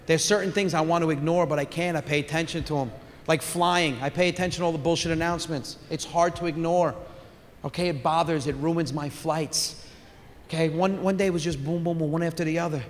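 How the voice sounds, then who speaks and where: Brash high-voiced stand-up comic. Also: male voice, fairly even intonation, brisk, a little hiss or hum. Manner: brash, profane storytelling. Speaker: stand-up comedian. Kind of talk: stand-up routine. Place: comedy stage. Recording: echoey hall, faint ambience.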